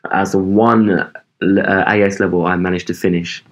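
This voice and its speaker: A man's voice: sits low, level tone, normal speed, highs cut off. A young man co-hosting a podcast in loose casual chat, rambling with lots of ums and swearing. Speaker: podcast co-host.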